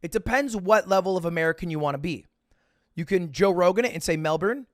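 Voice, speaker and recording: Streamer guy, kinda high voice, rambly sweary storytime, dry sound. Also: fast talker, no room sound. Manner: rambling, self-mocking, profane, with many restarts. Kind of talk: casual storytelling to stream chat.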